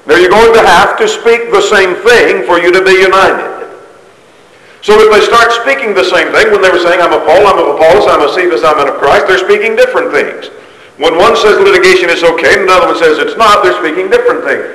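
A man preaching a sermon to a congregation, measured and emphatic, repeating key phrases. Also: sits high, sharp tone. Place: church hall. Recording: echoey hall, distant mic.

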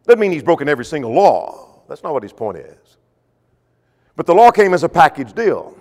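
Man, sermon, emphatic preacher, lively pitch, long hall reverb. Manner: emphatic, swings from loud to soft and drawn out.

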